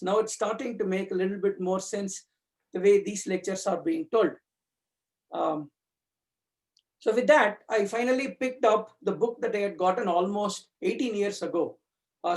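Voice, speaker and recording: A man's voice: high-pitched, darkish tone. A man giving a thoughtful personal talk about his spiritual reading, searching for words with frequent fillers and restarts. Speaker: community speaker.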